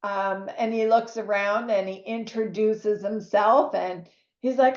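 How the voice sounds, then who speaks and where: A woman, a nurse telling a lively story to fellow nurses, acting out what others said. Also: medium pitch, measured pace. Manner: animated storyteller who acts out quoted voices. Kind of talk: storytelling talk to an audience. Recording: echoey, slightly dull room recording.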